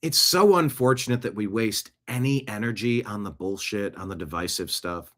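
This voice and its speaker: A man's voice: lowish voice, normal speed, a bit bright. A man hosting a political commentary show in a sarcastic, rambling, jokey monologue. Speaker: show host.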